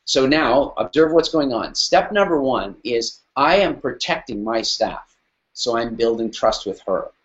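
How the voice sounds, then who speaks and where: A man's voice: medium pitch, expressive, a little slow, highs cut off. A man teaching a business lesson through a personal story, emphatic and repeating phrases for weight. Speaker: business speaker.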